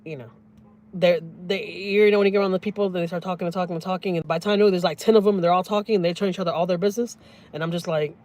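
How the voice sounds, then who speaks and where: A woman, telling stories on a casual livestream in a blunt, profane, animated way. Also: fairly low pitch, racing, a little hiss or hum. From Houston, Texas. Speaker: family vlogger. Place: in a truck with windows down. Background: vehicle and outdoor ambience.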